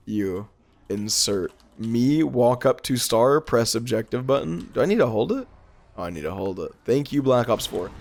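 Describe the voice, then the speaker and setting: A man's voice: mid-range voice, moderate pace, gravelly. A man with a cold and a stuffy, nasal voice, giving rambling gameplay commentary and getting sidetracked. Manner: rambling, easily sidetracked, laughs often, voice jumps up in excitement. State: congested from a cold. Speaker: gaming YouTuber.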